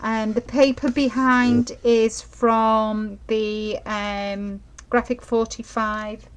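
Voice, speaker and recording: This middle-aged woman talks viewers through a live craft project in an unhurried, chatty way. Her voice sits a little high, and she keeps apologising and asking whether everyone can see. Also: little pitch movement, poor audio. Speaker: craft demonstrator.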